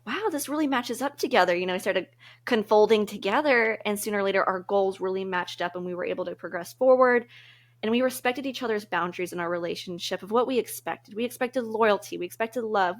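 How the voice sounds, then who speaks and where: A woman co-hosting a podcast, talking through relationship advice in a casual, earnest, reflective way and laughing easily. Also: mid-range voice. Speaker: podcast co-host.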